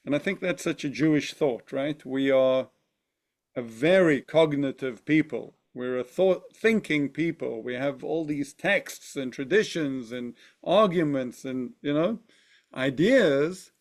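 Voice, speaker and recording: A man leads a study class at an unhurried pace, his voice sitting a little high for a man. He works through ideas slowly and keeps asking his listeners whether they follow. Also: animated. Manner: thoughtful, often asks "right?". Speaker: teacher. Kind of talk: text study lesson.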